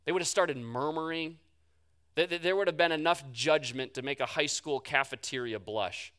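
A man preaching a sermon, telling the story with animation and swinging from loud bursts to hushed words. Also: on the high side, moderate pace, clear, resonant tone. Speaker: pastor.

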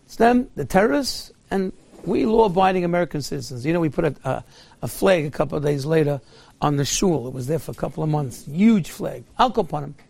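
A man's voice: fairly high pitch, animated, brisk, vocal fry, a little mellow. A man giving a sermon as a rabbi, telling stories in a fervent way and sprinkling in Yiddish and Hebrew words.

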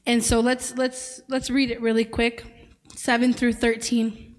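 A woman's voice: a little high, flat delivery, a little slow. A woman preaching a sermon to a church congregation in a conversational, playful way, reading scripture and joking with the room. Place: church service.

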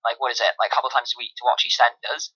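A young British man co-hosting a casual podcast chat, chatty and quick to mimic other people. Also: medium pitch, steady tone, sharp tone, breathy edge. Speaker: podcast co-host. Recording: thin phone-line sound.

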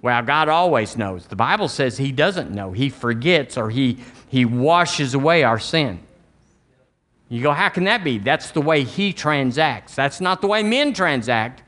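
A man's voice: mid-range voice, expressive, a little slow, a bit bright. A man with a Southern US accent preaching a sermon as pastor, emphatic, with folksy asides and little acted-out quotes.

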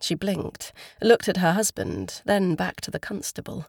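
Calm woman reading a crime novel. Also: on the low side, a little slow, gravelly, dry recording, studio quality. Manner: calm, even storytelling. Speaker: audiobook narrator. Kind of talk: scripted narration.

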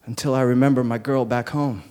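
On stage before a live audience, a man recounts a personal story slowly and deliberately, leaving dramatic pauses. His mid-range voice keeps a fairly even intonation, soaked in long hall reverb over soft guitar.

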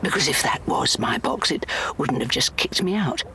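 A woman voicing a thin, rambling alien man with a South London accent, stammering and evasive, turning soft and soothing. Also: low-pitched, lively intonation, normal speed, gravelly, background noise.

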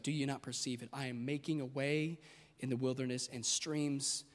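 A man preaching a sermon, animated and humorous, building to emphatic shouts. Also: medium pitch, normal speed. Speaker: pastor. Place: large church hall. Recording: long hall reverb.

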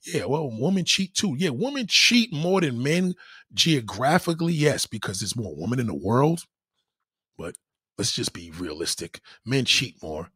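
A man's voice: medium pitch, fairly bright tone, slightly rough, no echo, clean studio sound. A man hosting a live stream, answering his chat in a blunt, profane and boastful way. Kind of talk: casual live-stream monologue.

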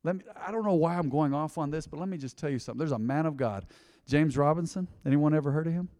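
A man's voice: a little high, quick pace. Impassioned male preacher in a reverberant hall. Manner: bold, impassioned preaching that swings from hushed asides to loud emphatic calls. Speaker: pastor. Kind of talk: sermon. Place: church sanctuary.

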